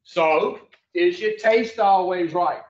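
A man's voice: high voice, slow pace. A man giving a blunt, profane motivational talk to a group, asking the room questions in a folksy way. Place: room with a small audience. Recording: roomy, distant, dull mic.

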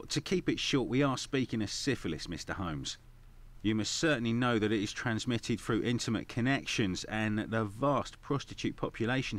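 A man voices a grave Victorian doctor in a video game, with a fairly low voice and a lecturing manner. His tone stays sober throughout. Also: lightly acted.

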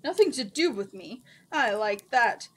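A woman reading the part of an eager young male knight in a storybook, earnest and quick to take offense. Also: high-pitched, lively intonation, husky, pitched above the performer's own voice. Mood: indignant.

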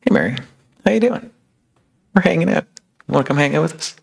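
A man voicing a cheerful, friendly grown man who speaks in a bright, casual, upbeat way. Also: fairly high pitch, very animated, fast talker, creaky, slightly rough, pitched above the performer's own voice, full character voice.

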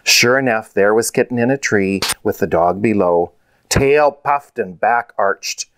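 A man, the author, reading his children's storybook aloud in a measured, clear way. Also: on the low side, a bit bright, slight background noise.

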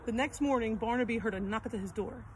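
A woman's voice: a little high, fast, darkish tone, a little hiss or hum, low-quality recording. Woman reading a children's story aloud.

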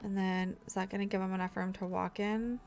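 A woman's voice: mid-range voice, little pitch movement, a little fast, gravelly, darkish tone, faint music behind. A young woman hosting a let's play, giving casual gameplay commentary in a chatty, encouraging way as she thinks aloud.

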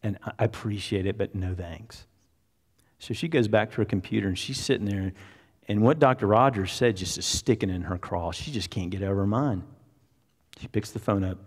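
A man's voice: on the low side, brisk. A man, a pastor, telling a story in a conversational sermon and acting out what people said. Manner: conversational, anecdotal, acts out quotes. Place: large church sanctuary. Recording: reverberant church hall.

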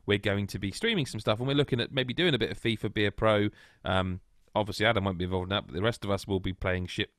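A man hosting a casual gaming podcast, talking in a loose, teasing way and happily swearing as he ribs his co-hosts. His voice sits on the low side. The sound is dry and close, with no room echo. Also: quick pace, hardly any pauses, a bit bright. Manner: chatty, teasing, swears freely. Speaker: podcast host.

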